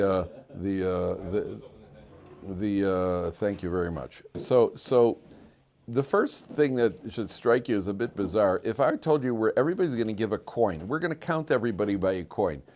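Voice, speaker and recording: The man's voice is somewhat low and a bit mellow. Leading a casual Torah class in a classroom, the middle-aged rabbi cracks jokes and wanders off track, full of fillers and restarts.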